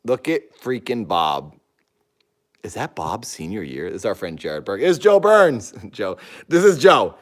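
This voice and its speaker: A man's voice: lowish voice, sing-song, measured pace. A man in his thirties in casual chat, leafing through an old yearbook and reading entries aloud, amused and rambling, often trailing off into mumbles. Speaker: host.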